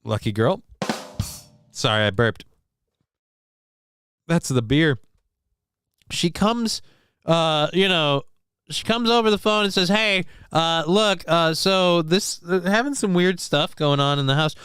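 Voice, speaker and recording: A man's voice: on the high side, lively intonation, takes it slowly, pauses often, a bit bright, smooth, no echo, studio quality. A man hosting a casual comedy commentary, joking crudely and rambling as he reacts to clips. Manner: crude joking, mock voices, loose rambling. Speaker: host reacting to news clips.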